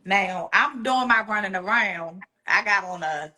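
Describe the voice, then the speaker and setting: A woman guest tells an emotional personal story, animated and acting out the voices of the people she quotes. Her pitch is medium and her pace a little slow.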